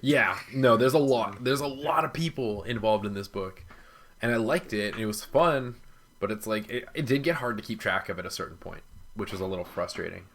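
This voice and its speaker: A man with a low-pitched but bright, forceful voice hosts a relaxed book discussion. His talk rambles along on fillers and turns playful and emphatic when he makes a point. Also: brisk, a little hiss or hum. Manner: loose, filler-heavy talk full of 'like'; jokey and emphatic when arguing. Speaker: podcast host. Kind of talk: casual book club chat.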